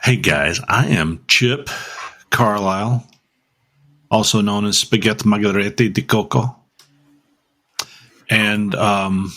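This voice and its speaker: A man's voice: on the low side, slow, pauses often, sharp tone. A man hosting a podcast in casual, joking chat. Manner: joking, rambling. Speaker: podcast host.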